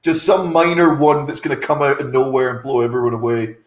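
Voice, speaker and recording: A man's voice: medium pitch, echoey room, rough recording. A man co-hosting a comedy podcast, riffing on silly film ideas and laughing often. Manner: riffing, quick laughs, acts out bits. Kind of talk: casual comedic chat.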